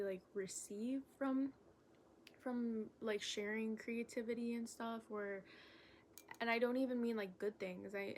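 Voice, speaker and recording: A young woman making a casual vlog, talking in a halting, candid way with lots of fillers and self-corrections. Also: medium pitch, slight background noise. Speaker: vlogger. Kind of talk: rambling stream-of-consciousness vlog.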